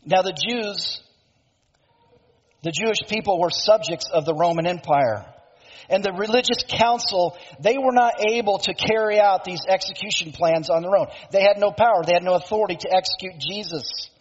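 A man's voice: sits high, moderate pace, slightly rough. A man preaching a sermon as a dramatic, emphatic retelling, recorded in an echoey hall on a dull lo-fi recording. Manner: emphatic storytelling, self-interrupting.

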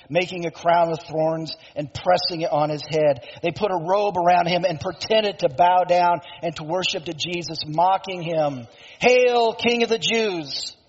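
A male preacher who tells the story emphatically, often stopping to restate himself. His voice is high and husky. The sound is dull and lo-fi, with long reverb from a hall. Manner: emphatic storytelling, self-interrupting. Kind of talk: sermon, dramatic retelling.

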